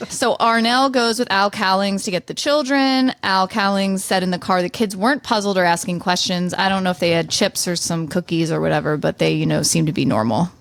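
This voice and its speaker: A woman's voice: mid-range voice, fairly even intonation, fairly quick, vocal fry, hardly any pauses, no echo. A woman co-hosting a podcast, casually walking listeners through a true-crime story in order. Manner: storytelling, reading events in order. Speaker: podcast co-host.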